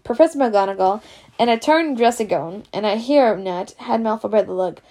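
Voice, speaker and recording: A woman's voice: fairly high pitch, moderate pace, warm tone. A woman reading a storybook aloud in a casual, unpolished way. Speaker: reader.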